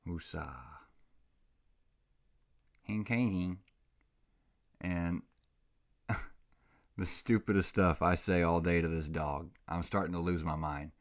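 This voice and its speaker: A man's voice: low-pitched, fairly even intonation, unhurried. A man hosting a casual solo podcast, rambling and self-mocking, a little out of breath, close on a microphone. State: slightly out of breath. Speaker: podcast host.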